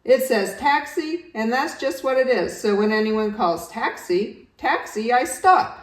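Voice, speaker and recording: A woman voicing a cheerful, self-important yak taxi driver who never stops talking, rattling on fast and loud. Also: expressive. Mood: chattering. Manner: rattles on fast, loud and high-pitched, barely pausing. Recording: roomy, distant home recording.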